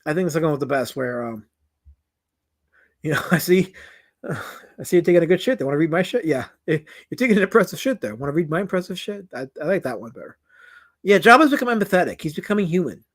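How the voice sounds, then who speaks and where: High-voiced man, rambling livestream chat. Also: big pitch swings, fast talker. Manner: rambling, with many stuttered repeats. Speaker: streamer and comic creator. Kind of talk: casual livestream chat, reading comments.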